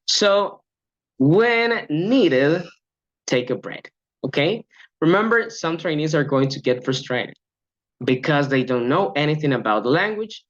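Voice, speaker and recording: Animated man giving a coach training. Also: fairly high pitch, lo-fi sound. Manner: animated, upbeat, acts out short classroom examples. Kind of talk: training lecture.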